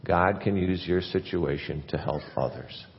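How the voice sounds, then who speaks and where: A man preaching a sermon as pastor, earnest, his voice rising and growing louder when he stresses a point. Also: low voice, measured pace, long reverb tail, lo-fi sound.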